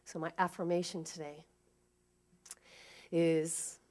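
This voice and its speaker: A woman's voice: fairly low pitch, takes it slowly. A woman speaker giving an inspirational talk at a spiritual service and leading the congregation in an affirmation. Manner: lively, leads the congregation in an affirmation.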